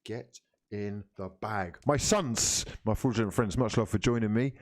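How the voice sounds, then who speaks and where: Male streamer, lowish voice, dry mic, banters casually with his viewers. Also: normal speed, no echo. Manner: chatty and playful, calls viewers fraudulent friends. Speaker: football livestream host. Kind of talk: casual livestream chat reading comments.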